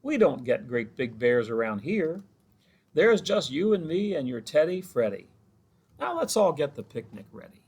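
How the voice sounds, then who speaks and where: A man voicing a brisk, dismissive mother in a picture book, with a raised, chiding voice. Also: very animated, darkish tone, slightly rough. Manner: high and chiding.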